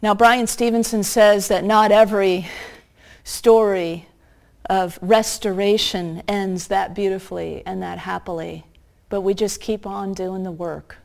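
A woman with a mid-range voice delivers a sermon through a story. She speaks earnestly and slows down to stress her points. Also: medium pitch, steady tone, gravelly, darkish tone.

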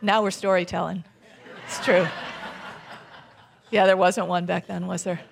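A woman's voice: on the low side, level tone, a little slow, creaky. A woman giving a conversational sermon, storytelling and asking the audience questions.

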